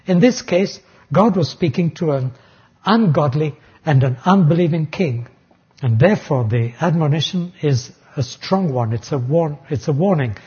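A man's voice: on the high side, mellow, slightly rough. A man preaching a sermon, earnestly explaining terms and sometimes restarting phrases. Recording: dull lo-fi recording.

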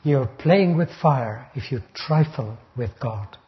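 A man's voice: mid-range voice, lively intonation, takes it slowly. Emphatic older male preacher, lo-fi. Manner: emphatic, rising sharply on quoted taunts. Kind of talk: expository Bible sermon. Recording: dull lo-fi recording.

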